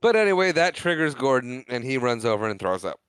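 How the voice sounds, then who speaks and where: Podcast guy recapping a movie, smooth clear voice, laughs a lot, acts out the lines, dry close sound. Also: medium pitch, big pitch swings, a bit bright, dry recording. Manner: retells scenes with quick quoted voices, laughs often. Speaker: podcast co-host. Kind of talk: casual movie recap chat.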